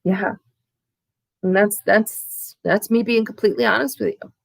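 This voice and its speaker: A woman vlogger speaking candidly and haltingly about her own recovery, with frequent restarts. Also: medium pitch, steady tone, creaky, no echo. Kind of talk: candid, emotional to-camera talk.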